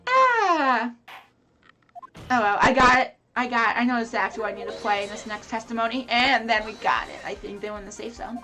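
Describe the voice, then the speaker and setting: Woman streamer, casual chatty game commentary, high voice, music under. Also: steady tone, fast talker, few pauses. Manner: chatty, apologetic to chat.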